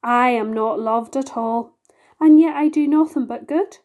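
A woman's voice: a little high, a little slow, a little mellow, lightly acted. A woman voicing a sad, dignified lady spider who speaks in sighs. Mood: mournful. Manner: sighing, mournful.

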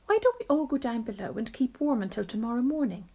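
A woman voicing a sensible female spider in a storybook reading, suggesting gently. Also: on the high side, big pitch swings, fast. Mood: gentle.

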